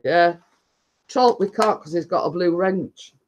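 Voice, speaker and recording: A woman's voice: lowish voice, unhurried, dull audio, a little hiss or hum. A woman with a northern English accent chatting casually on a live stream, rambling and laughing often.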